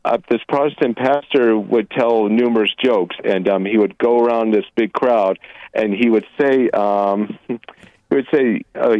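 A man from Montana calls in to a radio show and tells a joke, rambling and hesitant with plenty of pauses. His voice comes through a muffled, dull line. The sound is dry, with no room. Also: fairly low pitch, no room sound. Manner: rambling, hesitant, many ums. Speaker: caller. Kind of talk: telling a joke on a call-in show.

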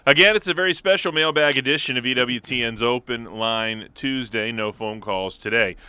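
Male radio co-host, crisp forceful tone, steady measured reading of listener letters, dry mic. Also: medium pitch, no room sound. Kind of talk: reading listener mail aloud. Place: radio studio.

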